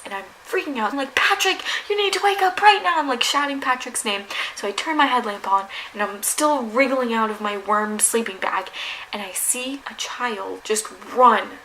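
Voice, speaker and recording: A woman's voice: fairly high pitch, slight background noise, low-quality recording. A young woman vlogger dramatically retelling a story, peppered with "like". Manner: animated, dramatic retelling with frequent "like". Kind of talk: storytime narration.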